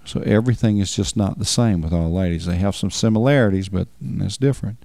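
A man's voice: on the low side, brisk, creaky, warm tone, no room sound. A man preaching on marriage in a folksy, emphatic way, repeating words for stress. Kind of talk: sermon.

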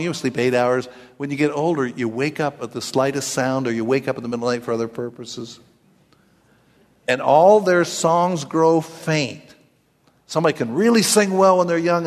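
A man in his late sixties preaching in a folksy, joking way, sprinkling homespun asides through his sermon. His voice sits in a middle pitch. It rings with the long reverb of a church hall. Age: 60s. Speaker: pastor.

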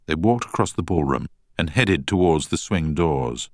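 A man narrating a novel in a measured, expressive reading. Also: very deep voice, dry recording, clean studio sound. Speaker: audiobook narrator. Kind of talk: scripted narration.

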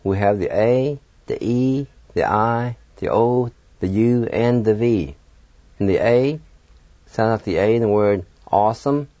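Slow, patient male language teacher. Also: lowish voice, mellow, dry recording. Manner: slow, patient, spells words out letter by letter; encouraging. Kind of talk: radio language lesson. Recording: dull, dry lo-fi radio sound.

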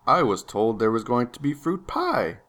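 A man's voice: mid-range voice, huge pitch swings, normal speed, fairly bright tone. A man voicing an oblivious, matter-of-fact young gnome. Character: oblivious cheerful male gnome, blunt.

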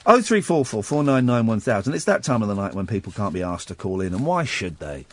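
A man's voice: fairly low pitch, sing-song, fast. A man hosting a late-night radio show, reading a tabloid story aloud with wry, mock-dramatic asides into a studio microphone.

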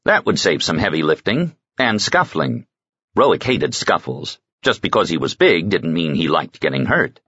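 A man narrating an audiobook in a dry, measured storytelling manner. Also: sits low, very animated, bright, forceful tone, husky, no echo, muffled recording. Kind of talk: scripted narration.

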